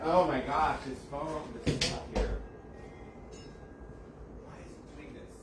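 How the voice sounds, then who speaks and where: A man's voice: on the high side, fairly even intonation, a little slow, reverberant, loud music behind the voice. A man hosting a casual live cocktail show from his kitchen, chatty and gushing as he greets viewers. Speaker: host of a home cocktail livestream.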